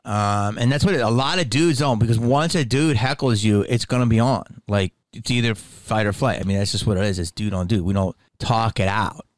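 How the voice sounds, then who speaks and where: A man's voice: fairly low pitch, a little fast, few pauses, dry recording. A man hosting a podcast who reacts to a clip with blunt, profane, rambling opinions. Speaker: podcast host. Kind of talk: podcast commentary.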